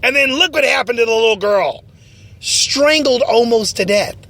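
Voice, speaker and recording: A man hosting a mock talk-radio show, ranting and often shouting in a mocking tone. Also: very high-pitched, expressive, moderate pace, creaky.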